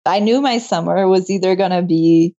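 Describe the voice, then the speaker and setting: A woman's voice: fairly low pitch, moderate pace. Laughing woman telling her story. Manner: laughs often, emotional and animated. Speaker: interview guest, medical student. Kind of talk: casual interview storytelling. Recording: slightly dull lo-fi sound.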